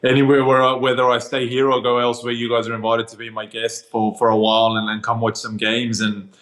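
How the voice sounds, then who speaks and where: A man in his twenties from Australia, a guest on a podcast, telling stories casually and acting out his own quotes with lively shifts of voice, heard over a remote call. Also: medium pitch, fairly quick, rough recording. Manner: animated storyteller, acts out his own quotes. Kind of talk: casual storytelling interview.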